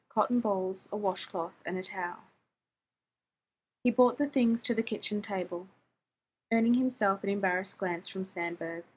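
Breathy woman reading a story aloud. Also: mid-range voice, rough recording. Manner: steady storytelling, voices characters. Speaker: narrator. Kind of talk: reading fan fiction aloud.

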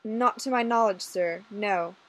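A woman voicing a polite, earnest male constable, talking softly and deferentially in a story reading. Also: mid-range voice, unhurried, lightly acted, low-quality recording. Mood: evasive.

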